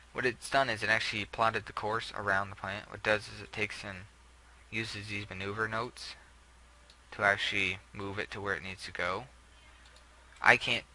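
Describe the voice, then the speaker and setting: Young man, low voice, very bright sharp tone, rambling self-deprecating game commentary, faint hiss behind. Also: low-quality recording. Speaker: gameplay video host. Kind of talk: casual gameplay commentary.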